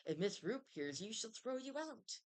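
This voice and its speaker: A woman's voice: a little high, very animated, moderate pace, pitched above the performer's own voice. A woman voicing an eager young boy who coaxes and pleads with his dog, in a storybook reading. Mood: whispering.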